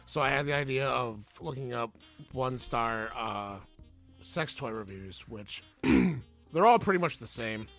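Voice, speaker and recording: A man co-hosting a podcast in casual chat, relaxed and agreeable, laughing often. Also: medium pitch, measured pace, soft background music. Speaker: podcast co-host.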